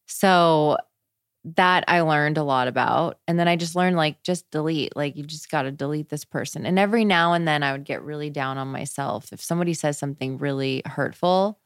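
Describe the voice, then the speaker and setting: A young adult woman speaking casually as a podcast guest, chatty and animated, with frequent filler words. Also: sits low, moderate pace, clear, resonant tone, dry recording, studio quality. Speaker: podcast guest, wellness practitioner. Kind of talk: casual conversational interview.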